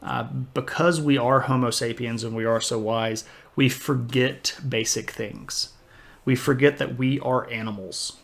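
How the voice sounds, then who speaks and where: A man teaching history on a livestream in an easygoing, rambling way. He wanders off into little self-deprecating asides before steering back to the point. His voice sits at an ordinary middle pitch. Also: steady tone, a little slow, gravelly, a bit bright. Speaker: history streamer lecturing. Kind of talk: casual livestream lecture.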